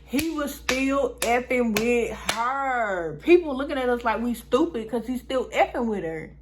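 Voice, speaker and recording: A woman's voice: fairly high pitch, animated, unhurried, slight background noise. A young woman vlogger telling a story in a casual, chatty way, talking straight to her viewers.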